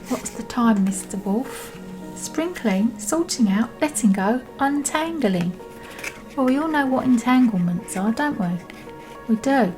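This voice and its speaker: A woman giving a gentle tarot reading, soothing and often half-whispered as she reads card meanings aloud. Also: fairly high pitch. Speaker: tarot reader.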